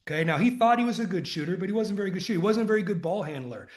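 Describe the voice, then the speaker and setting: Male guest, retired coach; earnest storyteller, slightly high pitch, echoey room. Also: racing. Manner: earnest, animated anecdotes, acts out dialogue. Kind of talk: conversational storytelling.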